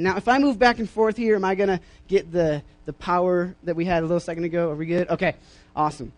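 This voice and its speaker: A young man giving a casual sermon in a church, rambling through personal stories with many restarts and fillers, and bursting into loud acted-out voices. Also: high-pitched, fast talker. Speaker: preacher.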